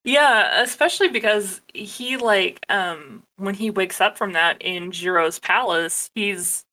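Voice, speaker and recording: Bright-voiced emphatic young woman. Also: mid-range voice, slow pace. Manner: emphatic, swears casually, frequent laughter. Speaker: podcast co-host. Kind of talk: casual chat.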